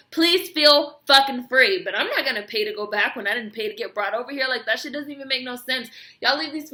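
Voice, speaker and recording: Heated vlog rant from a woman, bright and a touch high, sarcastic, profane. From United States. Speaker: vlogger.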